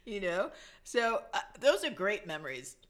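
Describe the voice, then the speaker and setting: A woman from Jamaica, a guest in a casual interview, telling stories in an animated way and laughing often. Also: mid-range voice, a little slow, slight background noise.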